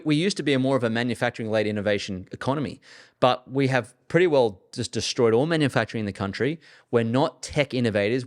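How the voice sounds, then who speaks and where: Australian male investor, solo commentary, mid-pitched voice, blunt and emphatic delivery. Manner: emphatic and blunt, keeps asking "okay?". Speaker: investor and entrepreneur.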